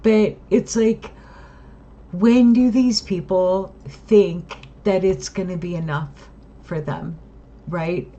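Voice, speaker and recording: A woman in her sixties talking slowly in a rambling, emotional vlog, often close to tears and laughing softly. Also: lowish voice, fairly even intonation, dull audio. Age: 60s. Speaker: vlogger. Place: outdoors by the water.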